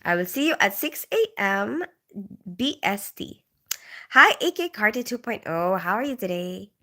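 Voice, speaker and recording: A woman's voice: medium pitch, expressive, moderate pace, pushed and bright. A woman hosting a casual live stream, greeting viewers by name and rambling chattily with frequent sighs. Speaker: livestream host. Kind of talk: casual live-stream chat, reading out comments. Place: London.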